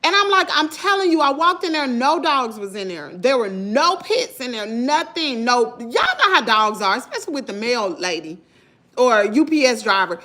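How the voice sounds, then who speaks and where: A woman from Mississippi with a Southern accent, telling a story to her viewers in an animated, emphatic way. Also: fairly high pitch, normal speed. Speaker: vlogger.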